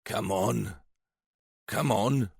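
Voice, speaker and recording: A man's voice: lowish voice, drawn-out words, vocal fry, darkish tone, husky, no room sound, clean studio sound, heavily acted. A man voicing a shrewd, sly older police sergeant, teasing and relishing menace. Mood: eager.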